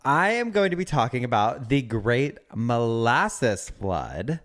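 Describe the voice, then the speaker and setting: A man's voice: mid-range voice, very animated, takes it slowly, a bit bright. A man co-hosting a podcast, telling a history story in a campy, profane, chatty way. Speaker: podcast co-host. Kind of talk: casual chat.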